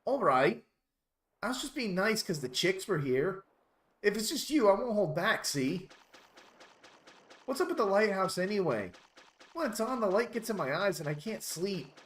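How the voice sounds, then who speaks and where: A male dolphin who talks like an old-time movie tough guy, as a man puts him on. His lines are clipped and threatening, his voice pushed high above normal. He sounds cocky and ready to brawl. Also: sing-song, moderate pace, long pauses, a bit bright, reverberant. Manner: clipped, threatening, tacks on "see?".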